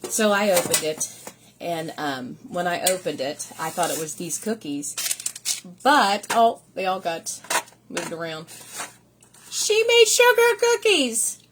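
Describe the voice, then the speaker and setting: A woman's voice: on the low side, measured pace, background noise. A middle-aged woman, a third-grade teacher, chatting casually at home in a rambling, gushing vlog. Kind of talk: casual vlog chat showing gifts.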